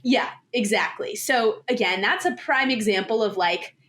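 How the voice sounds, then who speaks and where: A woman's voice: on the high side, moderate pace, a bit bright, a little hiss or hum. A woman in her twenties, a podcast guest talking candidly and casually, with lots of filler words. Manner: chatty, candid, heavy use of "like".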